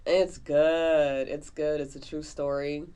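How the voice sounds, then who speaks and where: A woman co-hosting a podcast, reviewing a movie in casual, animated chat full of slang. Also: deep voice, slow, smooth. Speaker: podcast co-host.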